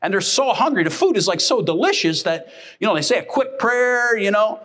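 A man preaching a sermon to a congregation, telling lively everyday stories and acting out the people in them. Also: high-pitched, a little fast. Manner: animated storytelling, acting out family members. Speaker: pastor.

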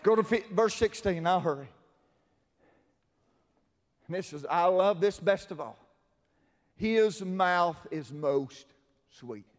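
A man preaching from the pulpit with a strikingly high voice, his sermon rising into a musical, sing-song cadence. He swings between hushed, tender lines and ringing shouts, and his words hang in the long reverb of a church sanctuary. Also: animated, takes it slowly, long pauses. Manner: impassioned, swings from soft murmurs to shouting.

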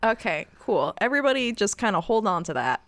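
A woman co-hosting a podcast in casual chat, talking loudly and animatedly and laughing often. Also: mid-range voice, very animated, fairly quick, no echo. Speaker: podcast co-host.

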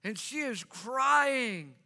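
Slow, bright-voiced male preacher. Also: extremely high pitch, animated. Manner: earnest storytelling, repeats phrases for emphasis. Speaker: pastor. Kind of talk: sermon. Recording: long reverb of a large hall.

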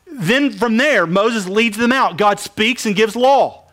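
A man's voice: high-pitched, takes it slowly, a bit bright. A man preaching a sermon, asking the congregation questions and answering them with emphasis. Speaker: pastor.

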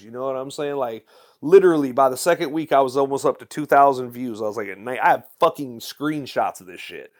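A man, a musician talking casually in an interview, swearing freely and telling stories with animated swings. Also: mid-range voice, a little fast. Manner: profane, animated storytelling with frequent "you know what I'm saying". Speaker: musician guest.

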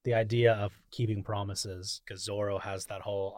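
A man's voice: fairly low pitch, flat delivery, moderate pace, darkish tone, dry recording, studio quality. A man casually recapping anime episodes as a podcast host, loose and profane, paraphrasing characters in his own voice. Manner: loose, swearing, lots of fillers.

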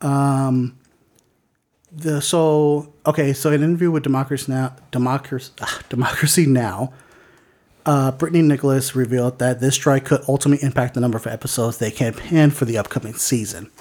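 A man's voice: mid-range voice, steady tone, fairly quick, a little mellow. A man co-hosting a casual podcast, reading news items aloud with lots of fillers and stumbles. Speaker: podcast co-host.

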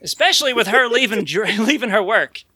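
Man playing a grumbling lazy angel, sarcastic, high bright voice. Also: fairly quick, husky, heavily acted. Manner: laughing, sarcastic, lively. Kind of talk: comedic script read-through.

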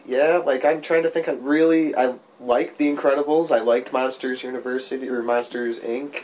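A man's voice: mid-range voice, fairly even intonation, normal speed, darkish tone. A man in casual conversation who rambles, restarts his thoughts and swears casually. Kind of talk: casual chat.

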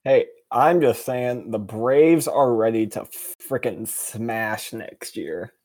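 An animated man co-hosting a casual chat podcast. His voice sits at a middle pitch and leaps up when he gets excited, with a playful, jokey delivery. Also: slow pace. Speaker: podcast co-host.

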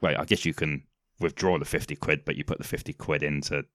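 A man's voice: rumbling low, steady tone, fast, fairly bright tone, no room sound, clean studio sound. A man with a British accent hosting a podcast, chatting casually and rambling through jokes with his friends. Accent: British English. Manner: rambling, joking banter. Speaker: podcast host. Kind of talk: casual chat.

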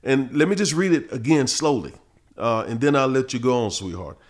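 A middle-aged man, a pastor teaching Bible verses on a podcast, who gets louder and higher when he reads scripture. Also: lively intonation, a little fast. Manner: preachy, rises in pitch and force reading scripture.

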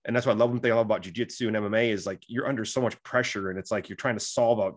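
A man in his forties chatting casually as a podcast guest, an animated storyteller who acts out the voices he quotes. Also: on the low side, very fast. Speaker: podcast guest, entrepreneur and fighter.

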